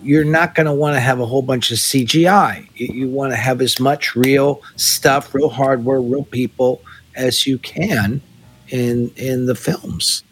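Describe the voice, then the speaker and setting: A man's voice: mid-range voice, husky. A man in a casual podcast discussion, thinking aloud and searching for his words.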